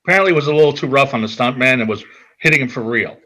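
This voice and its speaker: A man hosting a podcast who sets up a story and jumps in with quick follow-up questions. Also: medium pitch, sharp tone, low-quality recording. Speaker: podcast host. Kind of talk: casual chat, setting up stories.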